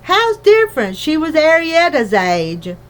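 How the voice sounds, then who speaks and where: A woman's voice: high-pitched, wildly swooping pitch, measured pace, fairly bright tone, pitched above the performer's own voice, full character voice. A woman reading a storybook aloud, voicing a small, anxious mother who wails and pleads in plain country speech. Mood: pleading. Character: small worried mother, tiny borrower woman.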